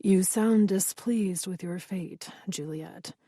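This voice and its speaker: A woman voicing a commanding, amused male vampire lord who speaks in a low, teasing murmur in an audiobook. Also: takes it slowly, mellow, dry recording, clean studio sound.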